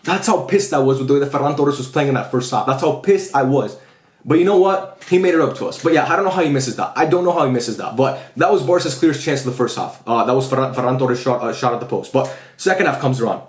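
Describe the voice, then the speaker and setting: Fast-talking excitable football fan man. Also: medium pitch. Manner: excitable, chatty, lots of slang fillers. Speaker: football fan channel host. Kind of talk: casual post-match reaction. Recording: echoey room.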